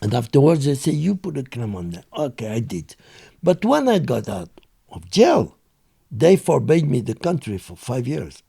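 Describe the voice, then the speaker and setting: Older guest, gravelly and highly expressive, tells his story with gusto. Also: normal speed. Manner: acts out quoted voices, laughing often. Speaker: interview guest. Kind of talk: animated storytelling.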